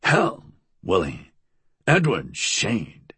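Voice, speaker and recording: A man voicing a calm, calculating younger brother, talking low and quiet in an audiobook. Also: normal speed, slightly rough, no echo, full character voice. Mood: quiet, wry. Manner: quiet, low conspiratorial delivery. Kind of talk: audiobook character voice.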